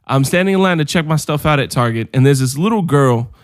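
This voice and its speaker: A man co-hosting a podcast in casual chat, an animated storyteller who swears freely. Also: a little high, fast, no room sound, clean studio sound. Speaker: podcast co-host.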